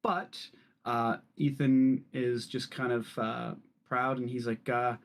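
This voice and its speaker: A man runs a tabletop role-playing game as game master. He narrates casually, filling gaps with ums and kinda. His voice sits at an ordinary middle pitch. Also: little pitch movement, takes it slowly, creaky. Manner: casual, many fillers like um and kinda.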